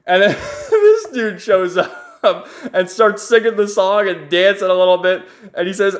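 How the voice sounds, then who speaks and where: A man's voice: sits high, big pitch swings, moderate pace. A man casually recapping a comic book page by page, enthusiastic and rambling, chuckling often. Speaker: manga reviewer.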